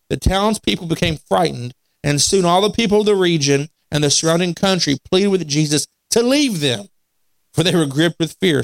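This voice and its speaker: A man's voice: a little high, no echo. A male pastor preaching a sermon, talking plainly with repeated words and restarts, then building to emphatic points. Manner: conversational preaching with repetitions and restarts, rising to emphatic. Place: church sanctuary.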